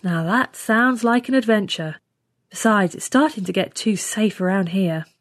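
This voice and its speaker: A woman voicing a brash, tough woman space freighter pilot who talks loud and crude. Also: mid-range voice, normal speed, dry recording, studio quality, natural voice. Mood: swaggering.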